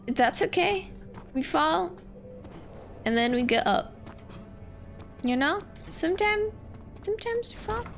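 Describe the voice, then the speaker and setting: A woman streaming a game, joking and rambling casually over the gameplay. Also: high-pitched.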